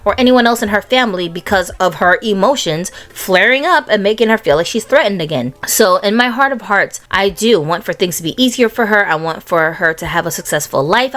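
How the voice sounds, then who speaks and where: An American woman gives casual reaction commentary for her online vlog. Her voice sits at an ordinary middle pitch but swings widely and expressively. She exclaims often and slips into indignant asides. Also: animated, normal speed, hardly any pauses, a bit bright.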